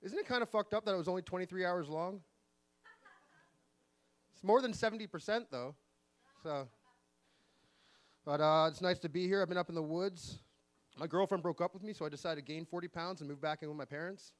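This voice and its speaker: High-pitched man doing stand-up. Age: 40s. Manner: deadpan one-liners with quick pitch jumps for punchlines. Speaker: stand-up comedian. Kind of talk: stand-up comedy set. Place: live comedy venue.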